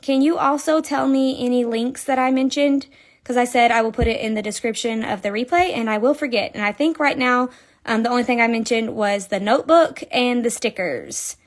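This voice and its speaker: A young woman with a voice on the high side and a fairly quick pace hosts a casual live crochet tutorial, recorded on a phone. She's chatty, counts stitches aloud and laughs often.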